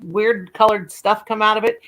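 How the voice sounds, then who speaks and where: A woman's voice: medium pitch, steady tone, fairly bright tone, slight background noise. A woman hosting a live stream, chatting casually and telling a rambling story. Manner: rambling storyteller, quick asides, folksy. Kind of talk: casual chat.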